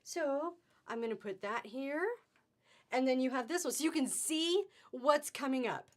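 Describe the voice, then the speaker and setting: A chatty, upbeat woman with a slightly high voice hosts a live online sale. She talks casually to her viewers and greets them by name as she goes. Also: a little slow. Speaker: host of a live fabric sale. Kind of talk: casual live-stream chat.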